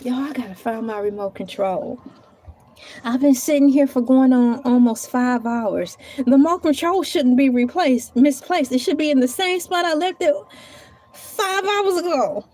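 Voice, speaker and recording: A woman with a high voice chats slowly and loosely on a live stream from home. She thanks viewers and talks to herself aloud as she types and hunts for things on her table. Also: darkish tone. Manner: chatty, talks to herself while searching and typing. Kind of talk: casual live-stream chat.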